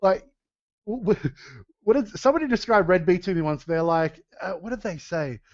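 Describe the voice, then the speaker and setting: A man's voice: high-pitched, expressive, normal speed, no echo. Give me a man telling band stories with lots of laughs and restarts, on a dry, dull-sounding recording. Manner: laughing often, restarting sentences. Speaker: podcast co-host and metal band singer. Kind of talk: casual podcast chat.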